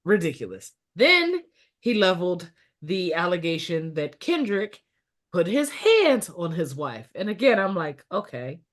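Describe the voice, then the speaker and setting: A woman co-hosting a podcast who talks in an expressive way and hollers while retelling her reactions. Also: lowish voice, unhurried. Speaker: podcast co-host. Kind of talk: casual chat.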